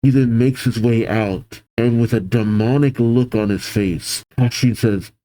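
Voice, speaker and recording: A man's voice: mid-range voice, a little slow, warm tone, poor audio. A man hosting a manga reaction, reading the panels aloud and reacting with frequent exclamations.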